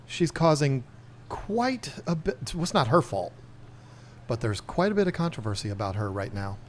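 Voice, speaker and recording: A man hosting a casual livestream chat, rambling easily from one thing to the next. He talks at an ordinary middle pitch and speaks straight to the camera. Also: big pitch swings, normal speed, a little hiss or hum. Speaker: livestream host.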